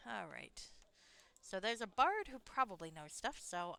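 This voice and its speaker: A woman's voice: mid-range voice, sing-song, moderate pace, sharp tone, smooth. A woman streamer casually commenting on her fantasy role-playing game, chatty, self-mocking and laughing often. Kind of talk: casual let's-play commentary.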